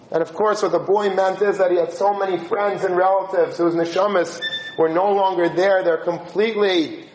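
A man telling a spoken religious story, acting out the dialogue with lively shifts of pace. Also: high voice, moderate pace, reverberant, rough recording.

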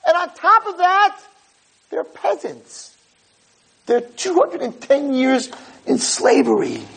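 Shrill indignant angels, a man puts them on. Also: sing-song, slow pace, creaky, fairly bright tone, heavily acted, low-quality recording. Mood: scornful. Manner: exclaiming in outraged disbelief.

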